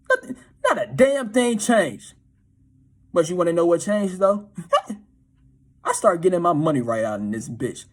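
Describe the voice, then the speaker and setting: A man's voice: high voice, breathy edge. A man talking casually about dating in a profane, slangy, often laughing monologue. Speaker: dating advice commentator.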